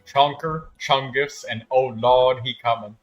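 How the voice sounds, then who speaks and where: A man's voice: medium pitch, fairly even intonation, measured pace, highs cut off, soft background music. A man chatting casually and teasing others while he streams a game, laughing often. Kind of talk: casual live-stream chat while gaming.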